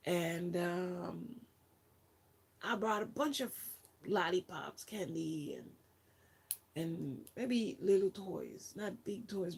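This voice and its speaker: A woman's voice: fairly low pitch, creaky, a little mellow, breathy edge. A woman volunteer telling a personal story in a casual, chatty way, with lots of fillers. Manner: chatty, many fillers, acts out quotes.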